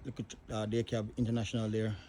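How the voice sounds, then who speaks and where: A man's voice: on the low side, monotone, fast, mellow, slight background noise. A man walking through a storm-wrecked truck yard outdoors, filming on a phone and narrating the damage in grief-stricken exclamations, often repeating himself. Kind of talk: handheld walkthrough narration.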